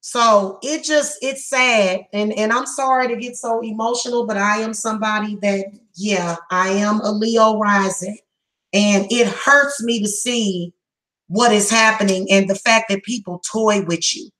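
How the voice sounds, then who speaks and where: A woman giving a psychic reading, speaking bluntly and emphatically, heated and repetitive, slowing down to stress her words. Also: mid-range voice, steady tone, a bit bright, rough recording. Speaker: psychic reader. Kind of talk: tarot reading monologue.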